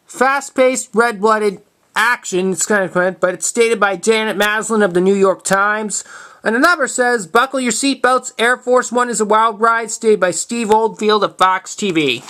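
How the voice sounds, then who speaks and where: A man in his twenties, a video collector, shows off his tapes in a loose, unscripted show-and-tell vlog, handling them off-screen and picked up by a camera mic. His voice sits high and sounds bright and forceful at a normal pace. He often stops and restarts words mid-phrase, staying plain and matter-of-fact.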